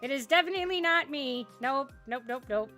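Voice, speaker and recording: A woman streamer chats casually with her audience in a high, bright voice. She is bubbly and giggly and pokes fun at herself. Faint music plays behind her headset mic. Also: animated, fairly quick. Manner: bubbly and giggly, self-deprecating. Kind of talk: casual live-stream chat.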